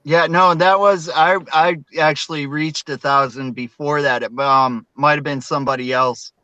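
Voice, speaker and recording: A man chats hesitantly on a live stream, filling pauses with ums. His voice is bright and smooth, while the audio itself sounds dull and lo-fi. It is dry, with no room echo. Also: fairly high pitch, steady tone. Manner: hesitant, many fillers. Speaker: fellow streamer. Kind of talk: casual live stream chat.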